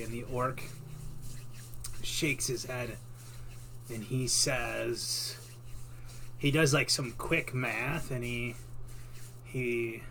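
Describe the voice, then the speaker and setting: A man narrating a tabletop game as game master, in an unhurried, rambling way with many fillers. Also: mid-range voice, fairly bright tone, slight background noise.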